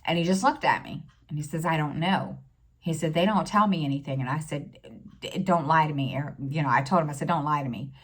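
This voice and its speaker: A middle-aged woman talking in a casual personal vlog, halting and full of fillers, close to tears. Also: low-pitched, husky. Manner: halting, many fillers and restarts. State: tearful, near crying. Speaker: stitching vlogger.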